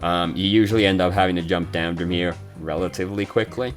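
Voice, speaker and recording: Low-voiced man casually reviewing gameplay. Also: steady tone, soft background music. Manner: swears and rants when frustrated, quick asides. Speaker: game reviewer.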